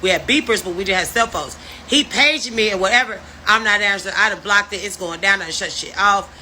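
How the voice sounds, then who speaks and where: A woman in her fifties tells a story in a bright, forceful voice, with a mid-range pitch. She talks bluntly, swears freely and keeps the retelling animated. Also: a little fast, a little hiss or hum, rough recording. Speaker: storyteller vlogger. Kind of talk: casual storytelling.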